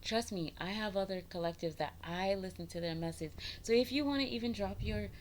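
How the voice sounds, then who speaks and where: A woman in her thirties giving a casual spiritual vlog monologue, animated and preachy, firing rhetorical questions and laughing often. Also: mid-range voice, fairly quick, a little hiss or hum. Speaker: spiritual vlogger.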